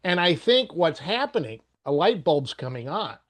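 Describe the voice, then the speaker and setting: A man's voice: a little high, sing-song, normal speed, fairly bright tone. An older man hosting a panel discussion, speaking in an affirming way and often murmuring agreement. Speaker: panel host.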